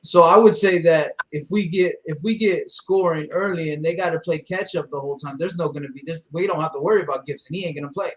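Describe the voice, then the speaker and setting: A man co-hosting a casual sports chat in an animated way, repeating points and saying "you know what I mean.". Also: fairly high pitch, fast, few pauses, rough recording. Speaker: co-host.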